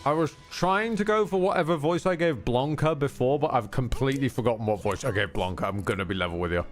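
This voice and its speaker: A man's voice: medium pitch, animated, fast talker, faint music behind. A man streaming a video game, chatting casually in a playful, crude and jokey way. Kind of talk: casual gameplay commentary.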